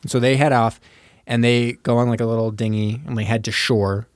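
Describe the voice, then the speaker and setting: A man in mid pitch recaps a film plot on a casual podcast. He keeps breaking into quick impressions of the characters. His voice is recorded dry and close, with no room around it. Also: no room sound. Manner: animated retelling, acting out characters' lines. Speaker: podcast co-host. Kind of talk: casual movie recap chat.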